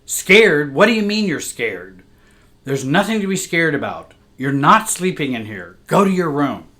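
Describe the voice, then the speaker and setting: A man's voice: a little high, very animated, moderate pace, a bit bright, pitched above the performer's own voice. A man voicing a stern, dismissive mother who scolds her small daughter harshly. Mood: scolding.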